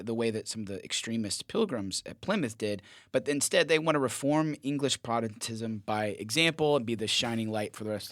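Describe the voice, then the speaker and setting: A man at an ordinary mid pitch sums up history with easy enthusiasm. The sound is close and dry. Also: a bit bright, no echo. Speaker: teacher and podcast co-host. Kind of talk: casual history review chat.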